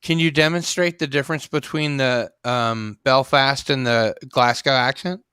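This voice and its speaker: A man hosting a casual late-night chat show, speaking slowly with many fillers. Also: mid-range voice, steady tone, bright, forceful tone, clean tone, no room sound, clean studio sound. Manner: slow and halting, many fillers like uh and you know. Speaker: host.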